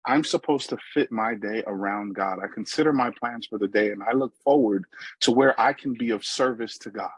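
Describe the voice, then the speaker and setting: A middle-aged man with a New York accent speaks in a low, slightly husky voice. He tells his recovery story in a loose, conversational way and keeps checking in with "right?" asides. The recording is dry and close, with no room echo. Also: a little fast. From New York, USA. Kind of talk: personal recovery talk.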